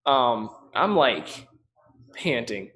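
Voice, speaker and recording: A man plays a tabletop game in a relaxed, casual way. His voice sits at an ordinary middle pitch. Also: extremely slow. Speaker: player.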